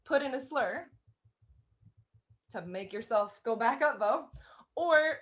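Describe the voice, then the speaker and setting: A woman's voice: a little high, expressive, slow pace. Woman fiddle teacher coaching step by step. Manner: encouraging, explains step by step, sings out bowing rhythms. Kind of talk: live online fiddle lesson. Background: violin playing.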